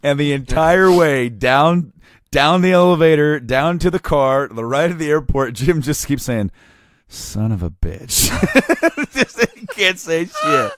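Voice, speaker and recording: A man's voice: a little high, a little slow, dry recording, studio quality. A man co-hosting a podcast, telling a long funny story in casual chat, acting out the quotes and using lots of fillers. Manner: animated storyteller, acts out quotes with many fillers. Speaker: podcast co-host.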